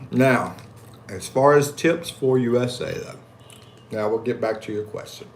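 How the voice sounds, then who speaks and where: A man's voice: medium pitch, measured pace, slight background noise. An American man hosting a casual livestream, reading viewer comments and answering them in a laid-back way with frequent chuckles. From United States. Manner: laid-back, chuckling, reads comments aloud with animated voices. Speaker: livestream host reading chat. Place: at home in the Philippines.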